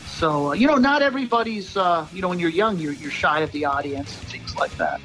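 A man with a high, light voice tells stories from his life in a circus act, chatty and animated. He slips into quick quoted voices as he goes. Faint music plays underneath. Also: rough recording. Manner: animated anecdotes, quoting people in quick voices. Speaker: circus performer, owner of the act. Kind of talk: casual storytelling.

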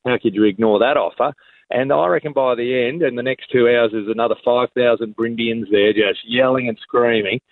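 A man's voice: mid-range voice, steady tone, fairly quick, dry recording. An Australian man calling in to a radio show, telling cricket stories in a joking, blokey way. His voice comes through a narrow, tinny phone line. The sound is dry, with no room around it. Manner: blokey, joking, enthusiastic storytelling. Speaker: cricket commentator guest. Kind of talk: casual radio chat.

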